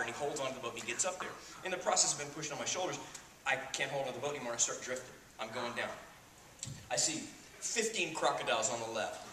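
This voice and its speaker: A man from Texas, a guest actor at a convention Q&A, telling a story in a lively, profane way with frequent laughter. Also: medium pitch. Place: convention panel room. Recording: echoey hall, distant mic, noisy.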